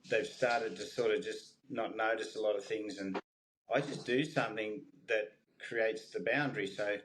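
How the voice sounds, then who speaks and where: A man, a horse trainer, explaining his methods in a relaxed, casual interview with everyday comparisons. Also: on the low side, moderate pace, slight background noise, low-quality recording.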